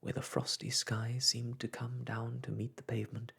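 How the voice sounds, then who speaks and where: A man reading a bedtime story aloud in a soft, hushed whisper. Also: mid-range voice, little pitch movement, normal speed, gravelly, husky.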